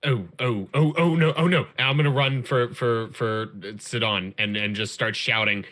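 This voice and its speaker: Bright-voiced man stammering as a player. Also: mid-range voice. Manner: halting, stammering. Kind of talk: tabletop game play.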